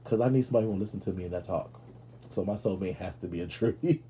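A man with a husky, breathy edge and a warm, mellow tone hosts a podcast as a loose comedic monologue. He talks straight to his listeners, brash and profane, and now and then shoots up into loud, high-pitched outbursts. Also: quick pace. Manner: addresses listeners directly. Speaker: podcast host.

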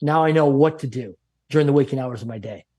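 A man's voice: mid-range voice, quick pace, warm tone, husky. A middle-aged man from Canada, a guest on an interview show, telling his life story in an emphatic, repetitive, self-assured way. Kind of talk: motivational storytelling.

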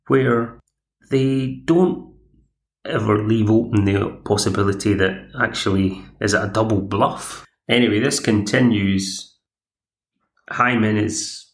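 Gravelly man recapping an episode. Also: on the low side, fairly bright tone. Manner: chatty, digressive. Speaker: podcast host. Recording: echoey room.

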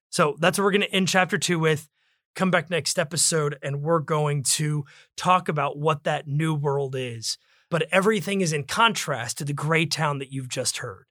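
A man's voice: fairly high pitch, moderate pace, sharp tone, no echo, studio quality. A man hosting a book discussion podcast, talking in an emphatic, preacher-like way. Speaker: podcast host.

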